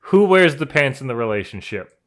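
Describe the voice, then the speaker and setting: Joking man with a lively voice. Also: mid-range voice. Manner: joking, quick to chime in. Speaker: podcast co-host. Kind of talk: casual chat.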